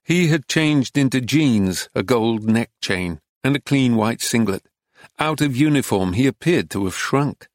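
A man reading an audiobook in a measured, understated, dry manner. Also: medium pitch, lively intonation, no room sound. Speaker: narrator. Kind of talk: scripted audiobook narration.

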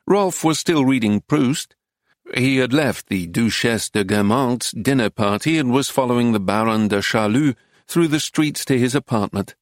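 Male narrator, mid-pitched, steady travelogue read, dry close mic. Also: no room sound. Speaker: audiobook narrator. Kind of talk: scripted narration.

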